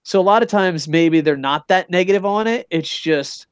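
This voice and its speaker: A middle-aged man in Japan hosts a casual wrestling podcast, rambling and swearing with huge enthusiasm and repeatedly asking "you know what I mean?" His high-pitched, animated voice moves at moderate pace, with a clean tone and no echo.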